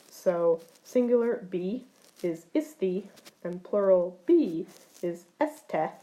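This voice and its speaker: A woman's voice: mid-range voice, mellow, poor audio. A woman teaching ancient Greek grammar in a recorded lecture, explaining forms step by step, with occasional fillers.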